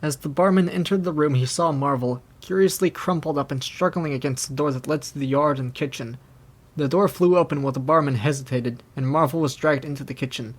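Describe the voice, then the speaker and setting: A man in his twenties reading a classic novel aloud in steady, measured narration. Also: a little high. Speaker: audiobook narrator. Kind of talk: scripted narration.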